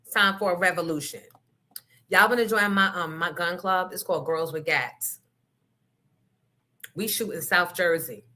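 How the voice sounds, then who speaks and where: A woman's voice: on the low side, normal speed, pauses often, pushed and bright. A woman hosting a livestream talk show, ranting bluntly with lots of profanity and emphasis. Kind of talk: casual livestream rant.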